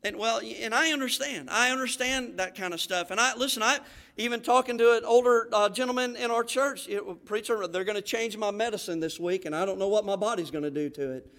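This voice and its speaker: A man's voice: sits high, brisk, a bit bright. A man with a Southern accent from the Florida panhandle, preaching a fervent sermon as a pastor, with many restarts and rising exhortations.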